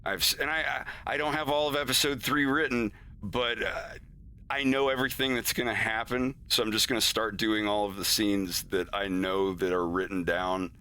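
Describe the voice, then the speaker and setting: A man with a fairly low, bright and forceful voice chats loosely on a stream, rambling and laughing as he acts out bits of dialogue. A faint hiss of noise sits under his voice. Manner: rambling, laughs often, acts out characters' lines. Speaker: animator streaming his work. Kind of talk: casual stream chat.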